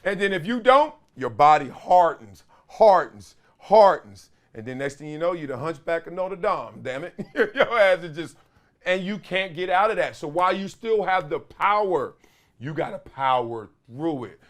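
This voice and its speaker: A man in his forties hosting a solo sports talk show, telling stories in slangy, animated talk and acting out little voices with laughs. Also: on the high side, normal speed. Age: 40s. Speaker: show host.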